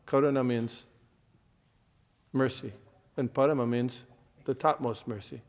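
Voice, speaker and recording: A man's voice: mid-range voice, steady tone, unhurried, a little mellow, long reverb tail. A man giving a devotional scripture class, explaining terms and quizzing his listeners, with many fillers and restarts.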